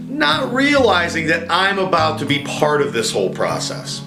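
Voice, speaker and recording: A man's voice: fairly high pitch, unhurried. A man casually telling a story from his childhood, rambling with lots of fillers. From rural farm upbringing. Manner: relaxed, rambling, many fillers. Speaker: storyteller host. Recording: roomy echo with guitar music behind.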